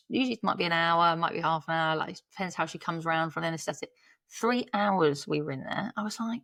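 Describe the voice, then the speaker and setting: A woman's voice: lowish voice, fast talker, a bit bright, no echo. A woman in her thirties, a podcast guest telling her story in a chatty, candid way, laughing often and breaking off mid-sentence.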